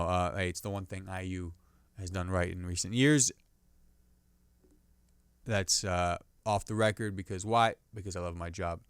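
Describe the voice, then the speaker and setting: A man hosting a comedy podcast, riffing on the news in a rambling, animated way and restarting jokes mid-sentence. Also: low-pitched, clear, resonant tone, no room sound, studio quality.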